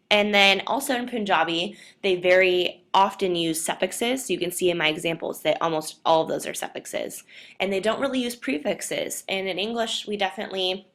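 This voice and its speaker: A young woman with a lowish voice gives an earnest class presentation. She explains each point carefully and keeps leaning on the word "definitely". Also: fairly bright tone. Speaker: student presenter.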